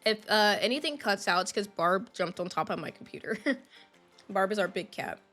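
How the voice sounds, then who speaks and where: A woman's voice: mid-range voice, animated, normal speed, a bit bright. A woman is live-streaming a game and chatting easily with her viewers, laughing often between lines. Her voice is still recovering after she lost it. Faint game music plays under her talk. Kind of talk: casual live-stream chat.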